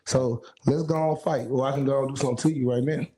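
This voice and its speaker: A man, a singer guest, telling stories in an animated, casual way, acting out the voices he quotes in streetwise slang. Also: mid-range voice, fast, poor audio. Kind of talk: casual storytelling.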